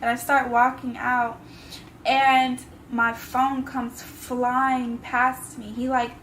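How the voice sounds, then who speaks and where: A woman's voice: high-pitched, flat delivery, fairly bright tone, slight background noise, low-quality recording. Emotional young woman telling a story. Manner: emotional, fast storytelling with casual slang. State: tearful at times. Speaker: vlogger. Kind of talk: storytime vlog.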